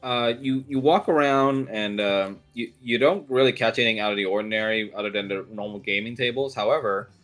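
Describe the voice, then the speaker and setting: Man, game master, tabletop game narration, low-ish voice, halting, faint music. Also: a bit bright. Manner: loose, halting narration with fillers.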